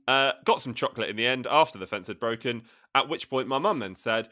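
Wry man in his late twenties, lively voice. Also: medium pitch, fairly quick, few pauses. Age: late 20s. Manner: wry, deadpan storytelling with lively ups and downs. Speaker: podcast co-host. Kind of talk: casual podcast chat.

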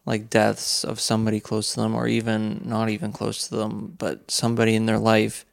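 A young man hosting a casual podcast interview, asking slow, halting questions full of fillers. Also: fairly low pitch, completely flat delivery, vocal fry, dry recording, studio quality. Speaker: podcast host.

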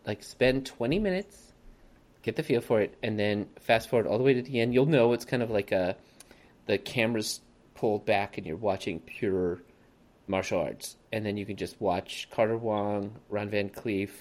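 A man's voice: on the low side, moderate pace. A man hosting a casual podcast about a movie, rambling and laughing often. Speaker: podcast host. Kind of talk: casual movie review chat.

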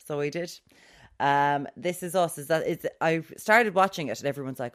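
A blunt, playful woman chatting as a co-host, her voice sitting very low for a woman. The sound is dry and close, with no room echo. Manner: blunt, quick asides, playful. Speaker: podcast co-host. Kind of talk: casual chat.

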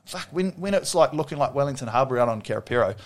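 Blunt New man, interview guest, swears freely, animated storyteller, mid-pitched voice. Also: quick pace. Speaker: interview guest, former Olympic rower. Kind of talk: casual interview chat.

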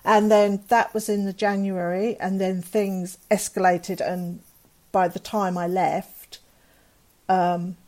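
Heard first is a mid-pitched woman talking at an ordinary pace, candid and earnest as she recounts something personal. She is middle-aged and speaks as an interview guest, rambling a little with fillers and restarts. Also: flat delivery, slow pace, a little mellow. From England. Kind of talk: personal storytelling in conversation.

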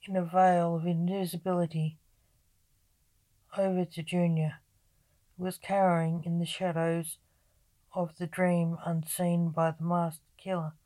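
A woman narrating a gothic fantasy story in a plain, even reading voice. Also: fairly low pitch, measured pace, long pauses.

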